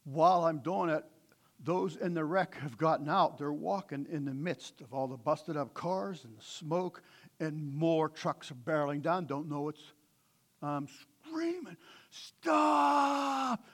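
A middle-aged man preaching a sermon, swinging from loud, impassioned calls to quiet, conversational storytelling. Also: a little high, moderate pace. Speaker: pastor.

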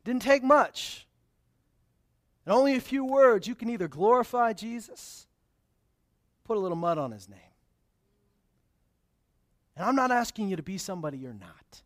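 A man's voice: high-pitched, animated, moderate pace, pauses often. A male pastor preaching a sermon, telling stories casually and then building to emphatic, raised declarations.

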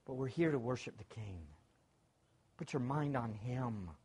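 A man preaches with great emphasis. His pitch rises and falls in lively swings, from near-whispered asides to ringing exclamations. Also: measured pace, breathy edge. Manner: emphatic, swings from hushed to shouting. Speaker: pastor. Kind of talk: sermon.

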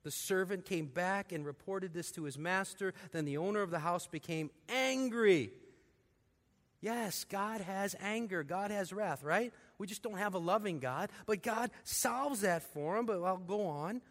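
A man preaching a sermon, emphatic, with rhetorical questions, swinging between hushed and loud. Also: high-pitched, a little slow, long reverb tail. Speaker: pastor. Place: church.

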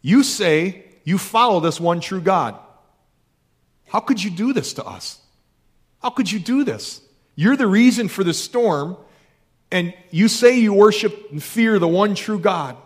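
A preacher voicing panicked sailors. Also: male voice, high-pitched, expressive, a little slow, slightly rough, pitched above the performer's own voice, heavily acted. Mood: accusing. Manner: urgent, accusing questions. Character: panicked sailors, adult men, demanding answers.

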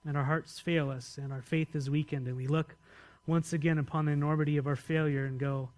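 Male pastor, relaxed sermon delivery, somewhat higher-pitched voice, asks the room questions. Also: a little fast. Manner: conversational, asks the congregation questions.

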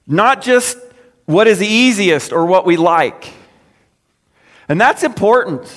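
A man preaching a sermon in a conversational way, his voice dropping low and soft at the ends of phrases. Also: expressive, takes it slowly, big-room sound. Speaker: pastor.

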